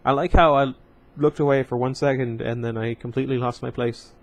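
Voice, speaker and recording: A male host reading a novel aloud in a casual way. He reads in a plain, medium-pitched voice and keeps stopping to talk to his audience. The asides are loose and chatty. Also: steady tone, brisk.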